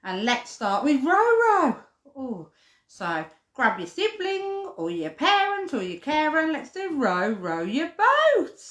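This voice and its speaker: A woman's voice: high-pitched, big pitch swings, measured pace, fairly bright tone. Sing-song woman leading a toddler playgroup. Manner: sing-song, chatty delivery aimed at toddlers and parents. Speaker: playgroup leader. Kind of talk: live-streamed children's playgroup session. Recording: echoey room.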